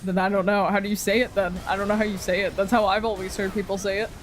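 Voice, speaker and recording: A woman's voice: mid-range voice, level tone, fast, a little hiss or hum. A woman chatting casually while streaming a game, rambling, swearing freely and laughing often. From Canada. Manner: rambling, profane, frequent laughs.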